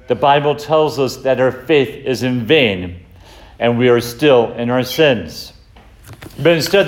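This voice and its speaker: A man preaching a sermon in an earnest, measured way, reciting scripture as he goes. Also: medium pitch.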